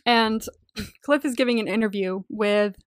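Woman co-host, slightly high voice, dry close sound, gushing and giggly movie-recap chat. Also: a little slow, dry recording. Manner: enthusiastic, swears casually, laughs often. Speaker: podcast co-host.

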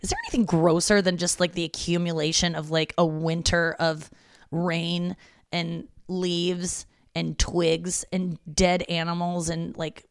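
Speaking at a measured pace in a smooth, lowish voice with a level tone, a young woman hosts her own casual podcast from her parents' house. She's chatty and confessional, full of filler words, and the studio-quality recording has no room sound.

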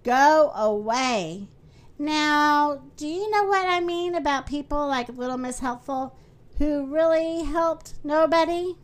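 A woman hosting a children's story podcast, reading aloud in a friendly, animated way. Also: high voice, measured pace.

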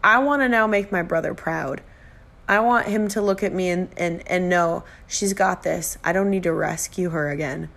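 A woman's voice: fairly low pitch, moderate pace, creaky, fairly bright tone. A middle-aged woman hosting her own podcast, talking in a heartfelt, emotional way with bits of self-deprecating humor. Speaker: podcast host. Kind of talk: personal podcast monologue.

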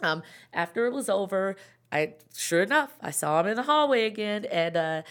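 Excitable woman telling a story. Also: mid-range voice, clean tone. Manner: animated, excitable, rapid bursts when recounting events. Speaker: comedy show producer, guest. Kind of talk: storytelling in an interview. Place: radio studio.

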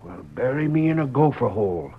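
Raspy dim henchman, pitch bouncing around. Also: big pitch swings, fairly quick. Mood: startled. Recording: dull old radio recording.

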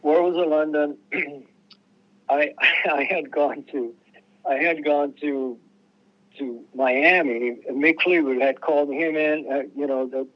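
A musician guest in an interview speaks slowly in a fairly high voice with fairly even intonation. He tells stories in a loose, rambling way, restarting often and acting out quoted voices. The highs are cut off.

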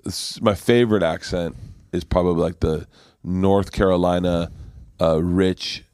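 A man who is a comedian, chatting casually, profane and animated, often jumping into voices. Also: sits low, a little slow, clear, resonant tone, dry recording, clean studio sound. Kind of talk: casual podcast chat.

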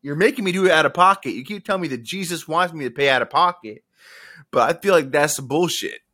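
A man co-hosting a podcast, riffing with animated, mock-outraged comic bits. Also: fairly high pitch, quick pace. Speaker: podcast co-host. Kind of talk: casual comedic chat.

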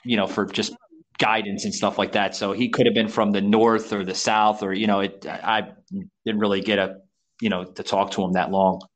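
A man's voice: lowish voice, flat delivery, moderate pace. An American man from Florida hosting a podcast, talking casually with many repeats and "you know". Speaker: podcast host. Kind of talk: casual interview chat.

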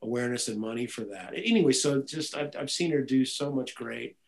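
This guitarist and music director talks a little fast in a medium pitch with vocal fry, restarting often as he rambles through animated stories in a casual interview. The recording is rough.

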